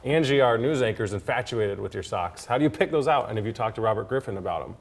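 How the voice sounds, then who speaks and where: A man's voice: fairly low pitch, lively intonation, fast talker, creaky. A man working as a TV sports reporter, interviewing a guest in a chatty way and laughing along.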